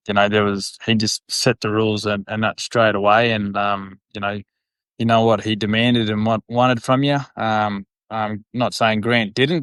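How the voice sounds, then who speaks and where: Middle-aged Australian ex-footballer, casual guest chat, low and smooth, lots of "you know", dry close mic. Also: male voice, fairly bright tone, no room sound. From Northern Territory, Australia. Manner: rambling, leans on fillers like "you know" and "whatnot"; chuckles while telling stories. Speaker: former footballer, podcast guest.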